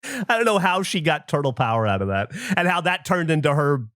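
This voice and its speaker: A man's voice: a little high, very animated, a little fast, a bit bright, dry recording, clean studio sound. A man in his thirties hosting a podcast, telling a story in casual chat and acting out the voices of the people in it. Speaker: podcast host.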